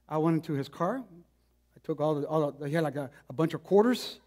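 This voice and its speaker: Male pastor, sermon, conversational storytelling, animated, frequent restarts, fairly high voice. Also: brisk.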